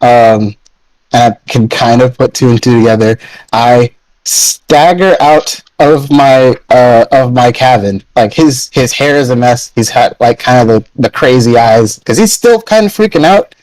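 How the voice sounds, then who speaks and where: A man's voice: medium pitch, expressive, unhurried, a little mellow, no room sound, low-quality recording. Rambling male player, dry close sound. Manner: rambling, filler-heavy explaining. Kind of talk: tabletop role-play.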